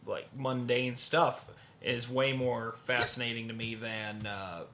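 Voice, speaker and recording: A man on a podcast chatting casually, relaxed and hesitant, with lots of fillers. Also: medium pitch, measured pace, slight background noise. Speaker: podcast co-host. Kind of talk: casual chat.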